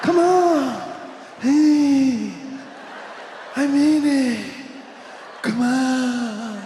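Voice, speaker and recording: A man's voice: extremely high pitch, drawn-out words, dark tone, a little hiss or hum, voice pushed up, heavily acted. A man on stage impersonating a rambling elderly male politician who trails into mumbles. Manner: mumbling, trailing into nonsense, insistent. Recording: echoey hall from far off.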